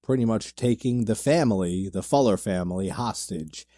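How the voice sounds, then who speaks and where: Male horror commentator, laid-back and eager; dark, husky, dry-miked voice. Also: fairly low pitch, normal speed, no room sound. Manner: enthusiastic, laughs, loose filler-heavy retelling. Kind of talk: casual movie commentary.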